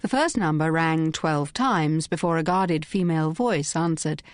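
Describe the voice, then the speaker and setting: A woman narrating an audiobook with measured, clear storytelling. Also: deep voice, no room sound. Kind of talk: scripted narration.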